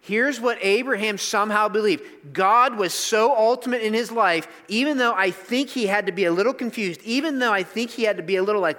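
A pastor preaching a sermon in a conversational, emphatic way. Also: male voice, sits high, brisk, few pauses, pushed and bright. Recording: long hall reverb.

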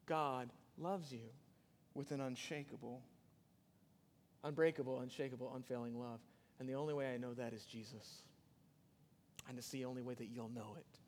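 A man preaching a sermon in a conversational way, with sudden loud rises and soft drops. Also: medium pitch, fairly even intonation, normal speed, pauses often, a little hiss or hum. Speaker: pastor. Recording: long hall reverb.

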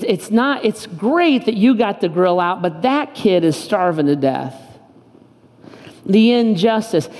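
A man's voice: sits high, a little mellow, long reverb tail. A man preaching a sermon as pastor, in an impassioned, emphatic way with lots of repetition. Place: church auditorium.

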